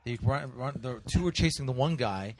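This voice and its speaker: A man's voice: mid-range voice, animated, moderate pace, slight background noise. A man co-hosting a podcast, telling a story in a rambling, profane way full of fillers. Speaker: podcast co-host. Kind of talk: casual chat.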